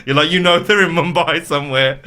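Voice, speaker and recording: A man's voice: on the high side, a little fast. A man, a podcast guest chatting casually and telling stories, slipping into silly voices. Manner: lively storyteller, slips into silly voices. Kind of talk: casual chat.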